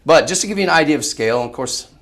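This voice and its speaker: A man hosting a live jewelry sales show, chatty and upbeat, pitching prices and calling out to the ladies and folks watching. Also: animated, rapid-fire, fairly bright tone. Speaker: shopping channel jewelry host. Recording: echoey room, voice from a distance.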